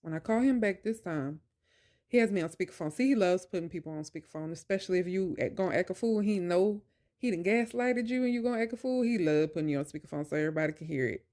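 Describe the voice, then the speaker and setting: A woman's voice: fairly low pitch, lively intonation, fast talker, a little mellow. Emphatic young woman telling a story. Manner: emphatic, colloquial, exasperated asides. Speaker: vlogger. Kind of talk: casual personal storytelling.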